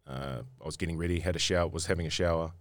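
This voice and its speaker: This young New Zealander, a rugby player in an interview, races through a story in a bass voice, rambling and constantly repeating or restarting words. There's no echo on the recording.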